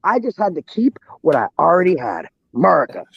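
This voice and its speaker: A man's voice: high voice, huge pitch swings, a little fast, vocal fry, breathy edge, no echo, dull audio. A man, a guest on an online chat show, joking and repeating a catchphrase, sounding exhausted.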